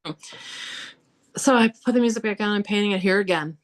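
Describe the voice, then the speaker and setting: A woman telling ghost stories as a podcast guest, animated and chatty, acting out quotes with frequent laughs. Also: mid-range voice, a little fast. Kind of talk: casual storytelling about hauntings.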